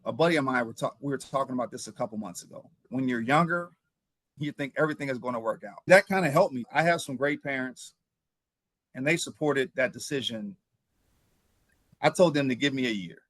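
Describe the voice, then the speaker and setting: A man's voice: medium pitch, fairly quick, dry recording. Dry-sounding storytelling man from Ohio. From Ohio, USA. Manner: animated storyteller, stumbles and repeats words. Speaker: former pro football player, guest. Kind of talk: interview storytelling.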